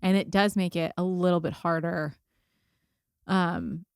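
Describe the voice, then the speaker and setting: A woman's voice: on the low side, steady tone, measured pace, a little mellow, clean tone, no echo, clean studio sound. A woman from Philadelphia in her thirties, a podcast guest chatting casually in an easygoing, self-deprecating way, often restarting her sentences. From Philadelphia, USA. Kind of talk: casual chat.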